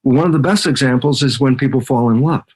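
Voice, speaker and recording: A man's voice: mid-range voice, quick pace. A man giving an interview, explaining ideas emphatically and acting out both sides of conversations as he tells stories. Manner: animated storyteller who acts out both sides of conversations. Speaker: guest speaker. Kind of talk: interview talk.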